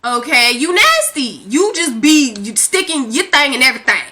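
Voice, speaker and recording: A young woman vlogger telling a storytime rant in a brash, profane, animated way. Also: high-pitched, moderate pace.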